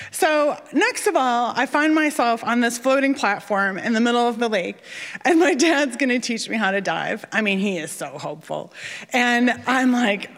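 A woman with a fairly high voice tells a personal story on stage, animated and self-deprecating. She acts out the people in it as she goes, and every line trails off into the long echo of a large hall.

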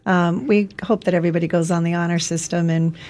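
A woman's voice: fairly low pitch, fast. A woman answering questions as a guest on a radio talk show, chatty and full of ums. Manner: relaxed, chatty with many ums. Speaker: executive director of the race, guest. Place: radio studio.

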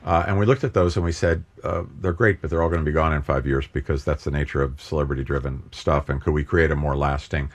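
An older man with a very low, deep voice talks quickly and modestly about his charity work in a relaxed studio interview. He explains things in long, thoughtful runs. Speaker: founder of a hunger charity. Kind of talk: casual interview talk.

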